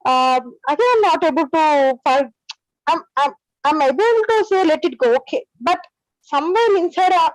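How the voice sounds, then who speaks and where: Woman, high voice, dry close sound, hesitant, many pauses and restarts, video call. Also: no echo, poor audio. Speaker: participant asking a question. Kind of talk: halting spoken question in online class.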